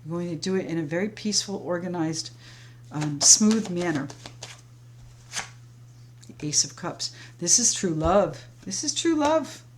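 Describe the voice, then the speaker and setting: A woman's voice: fairly low pitch, a little slow, long pauses, slight background noise. A woman doing a tarot reading, talking in a flowing, reassuring way straight to her viewers as friends. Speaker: tarot reader. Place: home, sage burning nearby.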